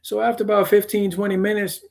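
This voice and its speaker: A man's voice: high-pitched, flat delivery, fast, gravelly, darkish tone. Male host, informal sermon storytelling, keeps checking in with listeners. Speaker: teacher and channel host.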